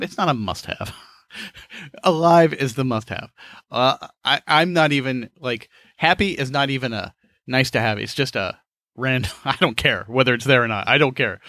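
A man with a bright, forward voice that swings up and down as he tells a rambling story. He swears freely and sounds exasperated, chuckling as he goes, and the sound is close and dry with no room around it. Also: mid-range voice, no echo. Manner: profane, laughing, exasperated. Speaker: podcast host.

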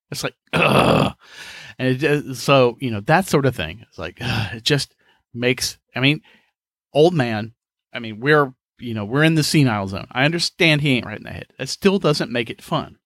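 A man's voice: mid-range voice, lively intonation, moderate pace, fairly bright tone, dry recording, clean studio sound. A man hosting a podcast, telling rambling personal stories with a profane, exasperated, laughing manner. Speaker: podcast host.

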